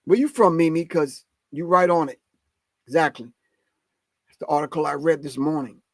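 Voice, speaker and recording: A man's voice: a little high, normal speed, no room sound. A middle-aged man hosting a live stream, giving emphatic, preachy commentary and calling his audience family. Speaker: host.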